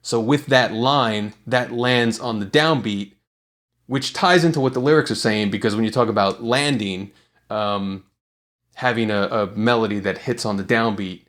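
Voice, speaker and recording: A man with a somewhat low voice teaches songwriting in a casual video tutorial. He explains at an easy, relaxed pace. He often pauses on fillers and restarts his sentences as he goes. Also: gravelly.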